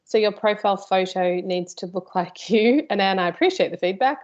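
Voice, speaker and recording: A woman's voice: mid-range voice, moderate pace, darkish tone. Chatty woman presenter, muffled audio. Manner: chatty, with playful asides to the host. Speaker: workshop presenter and teacher. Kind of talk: live online workshop presentation.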